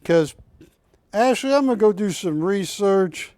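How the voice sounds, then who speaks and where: A man's voice: high-pitched, lively intonation, measured pace, darkish tone, no echo. A middle-aged man hosting a live TV shopping auction, calling bids and joking as he rambles. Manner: chatty, jokey, rambling between bid calls. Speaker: auctioneer host of a shopping show. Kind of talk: live TV auction sales patter.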